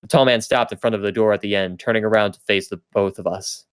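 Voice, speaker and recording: A man's voice: lowish voice, steady tone, quick pace, clean tone, no room sound, clean studio sound. A young man hosting a podcast, reading fanfiction aloud for comedy, stumbling and correcting himself with laughing asides. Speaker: podcast host and reader.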